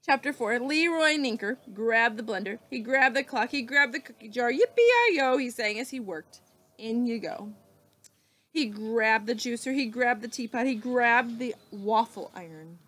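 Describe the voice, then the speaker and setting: A woman teacher reading a children's book aloud, slow and expressive with dramatic pauses. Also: on the high side.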